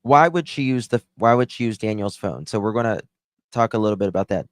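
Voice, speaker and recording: A man's voice: lowish voice, expressive, brisk, no room sound, clean studio sound. A middle-aged man giving casual true-crime commentary to a live chat, blunt and sarcastic, brushing off claims he finds weak.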